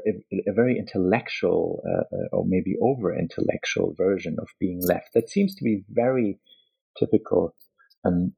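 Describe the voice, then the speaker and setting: Husky low-voiced author, thoughtful. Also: male voice, muffled recording. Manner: thoughtful, hesitant, restarts often. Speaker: author being interviewed. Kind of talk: academic interview.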